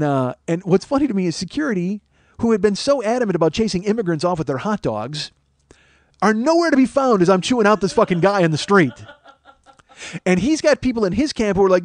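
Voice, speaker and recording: A man in his forties telling a profane, animated story as a podcast host. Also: sits high, fast, dry recording, clean studio sound. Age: 40s. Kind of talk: storytelling monologue.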